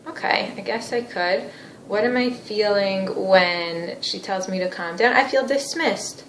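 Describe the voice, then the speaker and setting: A woman's voice: mid-range voice, unhurried, slight background noise, close to an everyday voice. A woman playing a frustrated, blunt husband. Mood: exasperated. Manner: blunt, exasperated. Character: frustrated husband in couples therapy. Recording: echoey room.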